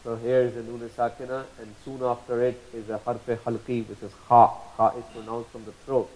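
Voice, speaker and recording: A man teaching Quran recitation rules, patiently repeating each example slowly and drawing out the sounds. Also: medium pitch, flat delivery, a little mellow, rough recording. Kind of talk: slow tajweed lesson.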